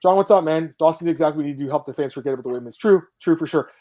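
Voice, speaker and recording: A man hosting a podcast in casual sports chat, excitable, swearing now and then and reading out viewer comments. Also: on the high side, racing. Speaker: podcast host.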